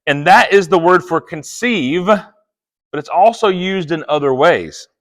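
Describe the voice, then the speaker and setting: A man preaching a sermon, playful and chatty, acting out quick quoted asides. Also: high voice, animated, fairly bright tone. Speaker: pastor.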